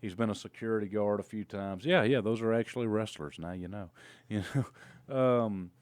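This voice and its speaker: Brief: young male co-host, low voice, dry close sound, animated yarn-spinner. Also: normal speed, no echo. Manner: animated storyteller, laughs often. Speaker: podcast co-host and indie wrestler. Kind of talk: casual chat, road stories.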